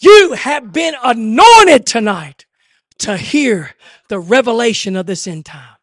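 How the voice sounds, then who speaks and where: A man preaching a revival sermon at a church service, swinging from hushed asides to shouted, rhythmic repetition. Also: very high-pitched, expressive, slow, no echo, clean studio sound. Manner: rhythmic repetition, rising cadence.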